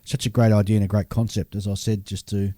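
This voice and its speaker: A man's voice: on the low side, level tone, fast, dark tone, no room sound, studio quality. An Australian man co-hosting a casual podcast, rambling through listener mail with fillers and laughter. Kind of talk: casual chat.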